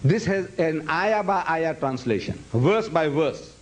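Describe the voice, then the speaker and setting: A man's voice: on the high side, lively intonation, unhurried, a little hiss or hum, poor audio. A man giving a public lecture to students. He speaks emphatically, repeats phrases for effect and breaks into Arabic recitation. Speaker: Islamic lecturer.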